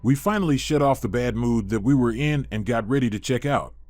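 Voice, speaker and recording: A man calmly reading a first-person horror story as scripted narration. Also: medium pitch, brisk, no echo, soft background music.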